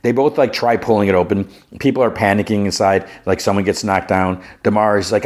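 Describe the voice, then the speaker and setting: A man hosting a podcast, casually retelling a TV episode and jumping up in pitch to act out the characters' lines. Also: brisk. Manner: animated retelling, acting out characters' lines in a raised voice. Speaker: podcast host. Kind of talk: casual movie and TV recap.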